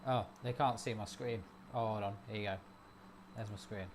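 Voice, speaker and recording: A man hosting a live stream, chatting casually and cheering on his trades out loud. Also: lowish voice, fairly even intonation, moderate pace, noisy background. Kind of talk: casual chat.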